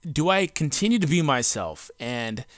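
A man's voice: on the high side, sing-song, normal speed, fairly bright tone, no echo, clean studio sound. A grown man, a gaming YouTuber, ranting in casual, slangy talk full of profanity and fillers, blunt and defiant. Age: adult. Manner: loose rambling talk with many fillers. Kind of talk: casual unscripted rant to camera. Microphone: home recording mic.

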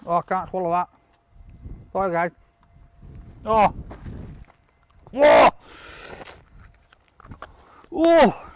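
A man with a Hull accent chatting excitedly to camera as a vlog host, exclaiming a lot. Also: high voice, unhurried, pauses often, clean tone. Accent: Hull, East Yorkshire. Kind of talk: casual vlog chat.

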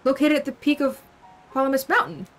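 A woman's voice: high-pitched, flat delivery, fairly quick, faint music behind, lightly acted. A woman voicing a gracious, polite young female fish-folk noble, reading game dialogue aloud in a formal, courteous way.

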